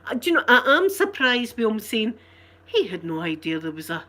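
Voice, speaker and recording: A woman with a broad Glasgow accent chats casually with her live-stream viewers. She rambles from point to point and breaks into laughter often, at an ordinary pitch for a woman. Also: very animated, normal speed, pushed and bright. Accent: Scottish, Glasgow.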